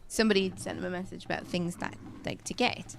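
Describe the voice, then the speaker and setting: Gravelly woman chatting while she plays. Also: lowish voice, steady tone, fast talker, slight background noise. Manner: chatty storytelling with fillers and restarts. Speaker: streamer playing a modded survival game. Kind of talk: casual chat while gaming. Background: game music.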